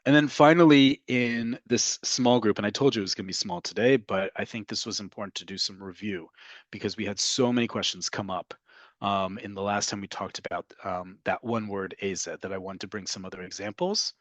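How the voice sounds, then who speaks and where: A man teaching a casual online language lesson. He explains at length, checks in with "right?" all the time, and slows down to model phrases. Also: on the low side, fairly even intonation, no echo.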